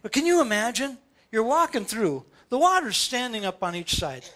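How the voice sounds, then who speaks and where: Brief: animated pastor, very high, bright voice, playful sermon delivery. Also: male voice, normal speed. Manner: animated and playful, with lots of rhetorical questions. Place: church.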